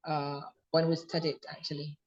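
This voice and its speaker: A man's voice: a little high, flat delivery, moderate pace. An Indonesian man who teaches English, hosting a video call interview, polite and eager with many fillers. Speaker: English course teacher, host. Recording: dull muffled call audio.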